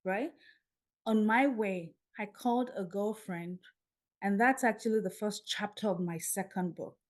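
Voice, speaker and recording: A woman's voice: mid-range voice, unhurried. A middle-aged woman, a podcast guest telling a personal story and acting out the dialogue in it. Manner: animated, acts out dialogue. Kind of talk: storytelling in an interview.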